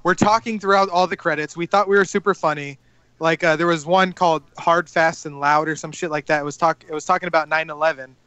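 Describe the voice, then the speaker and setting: A young man casually telling a story as a podcast co-host, animated and often laughing. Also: fairly high pitch, quick pace, clean tone, no echo, lo-fi sound.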